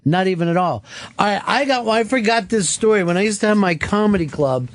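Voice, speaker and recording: A man hosts a radio call-in show with a loose, chatty manner and casual swearing. His voice sits high for a man. The studio sound is dry and close, with no room around it. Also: expressive, quick pace, dry recording. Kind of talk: casual radio talk taking calls.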